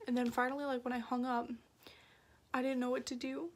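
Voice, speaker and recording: A young woman from Minnesota telling a personal story to camera in a soft voice that often drops into a breathy whisper. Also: sits high, little pitch movement, fairly quick. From Minnesota, USA. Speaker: vlogger.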